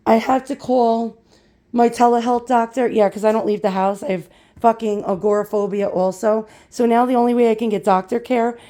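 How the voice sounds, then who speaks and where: This is a hoarse woman whose voice is creaky and croaky because she is losing it. She talks in a dark, mellow tone. She rants casually and swears freely as she hosts a vlog about vintage glass. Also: a little high, steady tone, normal speed. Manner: profane, ranting, self-deprecating. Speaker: vintage glass video host.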